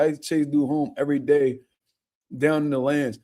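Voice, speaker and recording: A man's voice: fairly high pitch, fairly even intonation, a little fast, dark tone. A young man hosting a casual livestream, reading viewer comments and chatting in a loose, profane way with frequent laughter. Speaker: boxing livestream host. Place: home room.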